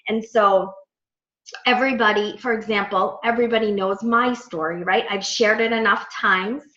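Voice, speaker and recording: A woman in her thirties telling a story to her coaching team in a chatty, animated way, full of quoted dialogue. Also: mid-range voice, moderate pace. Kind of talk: casual storytelling talk to a team. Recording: echoey, dull lo-fi room sound.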